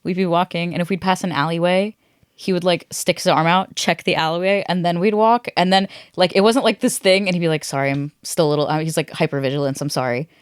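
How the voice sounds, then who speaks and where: A woman's voice: on the low side, fairly even intonation, fairly quick, clean tone, no echo, clean studio sound. A woman in her twenties hosting a podcast, telling a dating story in casual chat and acting out the people she quotes. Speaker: podcast host.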